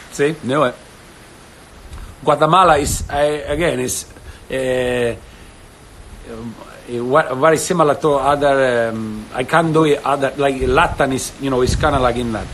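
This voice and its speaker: A man in his thirties hosting a casual live stream from home, chatting with viewers, animated and laughing often. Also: a little hiss or hum, low-quality recording. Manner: animated, laughs often, jumps to sudden high exclamations. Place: home studio indoors.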